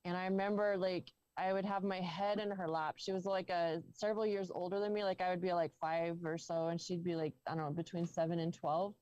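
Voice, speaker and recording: A woman's voice: lowish voice, little pitch movement, brisk, few pauses, a little mellow, no room sound, lo-fi sound. A woman from the southern United States, a roundtable guest telling a long, rambling story on a video call and correcting herself as she goes. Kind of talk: casual video-call chat.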